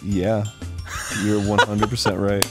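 A man co-hosting a gaming show, playful and loud, who swears freely and breaks into high laughs. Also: little pitch movement, slow pace, over loud music. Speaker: co-host. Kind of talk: casual gaming banter.

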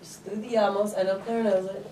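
Woman teaching spanish to a class, quizzing them, slows down on words, camera far off in an echoey classroom. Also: medium pitch, flat delivery, dark tone, a little hiss or hum. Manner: drills students with questions, stretches words slowly. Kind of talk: classroom lesson. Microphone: camera from across the room.

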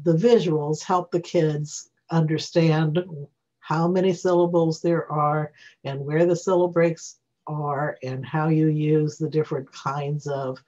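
In a screen-recorded software tutorial, a reading teacher works through phonics rules at a medium pitch, thinking aloud and correcting themself as they go. The recording is dull and lo-fi.

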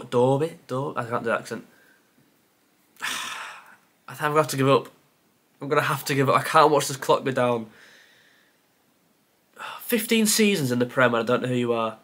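A man's voice: medium pitch, lively intonation, normal speed, long pauses, pushed and bright. Man muttering through a quiz, sighing. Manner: mutters to himself, sighs, self-deprecating. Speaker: football content creator. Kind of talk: thinking aloud during a timed quiz.

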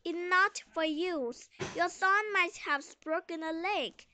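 A woman's voice: extremely high pitch, slow, sharp tone, slight background noise, pitched above the performer's own voice, full character voice. A woman voicing an exclaiming mother dog in a children's storybook reading.

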